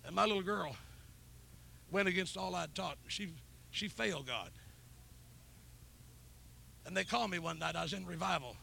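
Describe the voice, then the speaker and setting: A man's voice, pitched high with a gravelly edge, carries a revival sermon through a church. He is middle-aged and talks with fervent storytelling energy. Hallelujahs punctuate his lines. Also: moderate pace, long pauses, sharp tone. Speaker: preacher. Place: church sanctuary.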